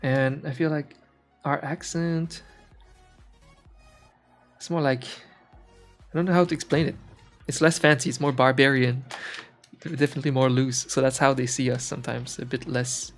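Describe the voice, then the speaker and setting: Man, relaxed stream chatter, hunts for words, lots of "uh" and restarts, mid-pitched, faint music behind. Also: unhurried. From French-speaking Canada. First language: French. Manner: rambling, searches for words, frequent fillers and restarts. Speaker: art streamer. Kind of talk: casual chat while drawing on stream.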